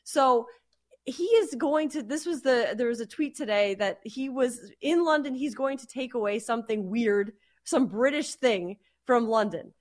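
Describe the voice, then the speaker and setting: A woman co-hosting a sports podcast, chatty and animated, laughing easily in casual talk about football and betting. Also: a little high, unhurried.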